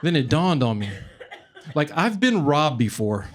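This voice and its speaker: A man's voice: fairly high pitch, moderate pace. A man telling a funny personal story live on stage, chatty, laughing as he goes and swearing now and then. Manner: conversational, comic, laughing through the telling; swearing, animated retelling. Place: live event before an audience.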